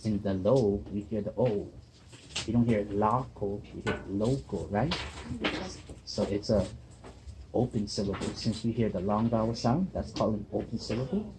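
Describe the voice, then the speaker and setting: A man's voice: fairly low pitch, moderate pace, noisy background. A man, a student teacher, giving a patient one-on-one reading lesson and checking in often. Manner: patient, checks in with "okay?" and "right?". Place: table at the back of a busy classroom. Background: classroom chatter.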